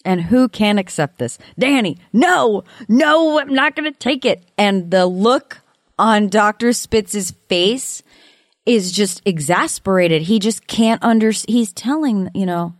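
A woman co-hosting a podcast, talking about a true-crime case in an animated, emphatic way and acting out what people said. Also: mid-range voice, slow pace, dry recording, clean studio sound. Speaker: podcast co-host. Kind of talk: casual true-crime discussion.

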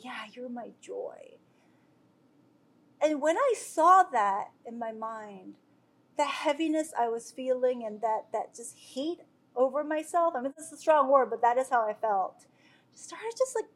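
A woman's voice: high voice, lively intonation, moderate pace. A woman earnestly sharing a personal faith testimony with viewers, talking loosely with many fillers and restarts. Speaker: speaker sharing a devotional.

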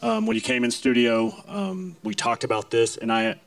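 A man's voice: medium pitch, big pitch swings, moderate pace, gravelly. A man hosting a casual on-air interview, upbeat and teasing, sometimes slipping into an announcer's delivery. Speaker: radio host interviewer.

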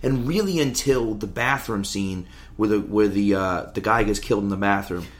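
Animated man retelling movie scenes. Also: fairly low pitch, moderate pace. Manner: animated storyteller, acts out scenes with yelling voices. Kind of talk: casual movie chat.

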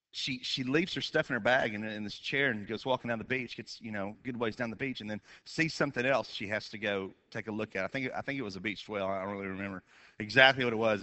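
A man tells a long comic story with a bright, forceful edge to his voice. He moves between quick asides, quiet mumbles and sudden shouted punchlines. His pitch sits in the middle for a man. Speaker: comedian. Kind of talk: storytelling stand-up.

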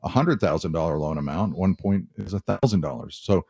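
A man hosting a home loan radio show, explaining mortgage fees in a relaxed conversational way with frequent restarts. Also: sits low, a little fast, husky, no echo, clean studio sound. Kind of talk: radio call-in advice talk.

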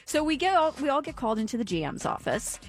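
A woman's voice: sits high, very animated, quick pace, faint music behind. A woman co-hosting a radio talk show, telling stories in a dry, matter-of-fact way. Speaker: radio co-host. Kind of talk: casual radio banter. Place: radio studio.

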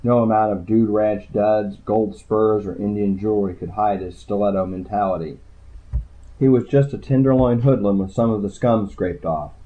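A man narrating a hardboiled crime story in the first person, with a dry, low-key delivery. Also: steady tone, moderate pace, mellow. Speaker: audiobook narrator. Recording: tinny phone-like sound.

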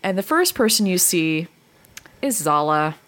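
A woman narrating a tabletop role-playing game as dungeon master, in a relaxed, chatty way. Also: lowish voice, measured pace.

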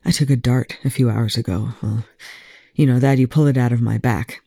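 A reader voicing a weary, wounded male military commander who rasps and growls his terse lines, in a fan fiction audiobook. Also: mid-range voice, fairly even intonation, moderate pace, dark tone, no room sound, clean studio sound, pitched below the performer's own voice. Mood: strained. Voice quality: rasping, growling.

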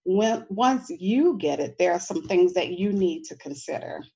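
A woman's voice: fairly low pitch, animated, a little slow, warm tone, highs cut off. A middle-aged woman from New Orleans, an educator speaking on a panel in a conversational way, often tossing in "you know" and "right?". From New Orleans, USA. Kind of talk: panel discussion.

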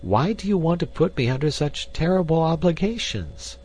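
A man's voice: fairly low pitch, animated, unhurried, a little mellow, husky, full character voice. A man reading the part of a proud young woman, earnest and dignified.

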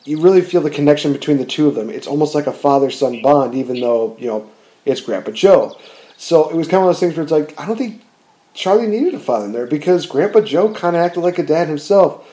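Rambling man with a mellow, raised voice. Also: fairly high pitch, quick pace. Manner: rambling, animated, with frequent fillers and restarts. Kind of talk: casual movie discussion.

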